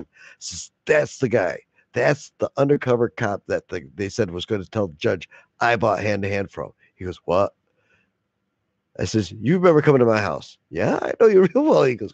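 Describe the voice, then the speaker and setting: A man's voice: on the low side, a little mellow, no echo, dull audio. A man telling a long profane story in a casual way, laughing often and acting out the other voices. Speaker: video blogger.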